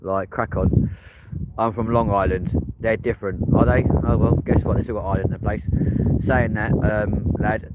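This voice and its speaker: A man's voice: fairly low pitch, steady tone, moderate pace. A man hosting a live walking stream at night, bantering with chat in a cheeky, sweary way. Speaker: livestream host. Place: outdoors on windy city streets at night. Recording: tinny phone audio, loud street noise.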